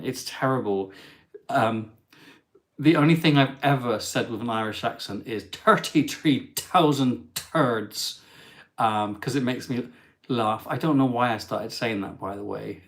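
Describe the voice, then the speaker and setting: A man hosting a casual live travel stream, chatting and reading viewer comments aloud in an animated way. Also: fairly low pitch, unhurried. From England.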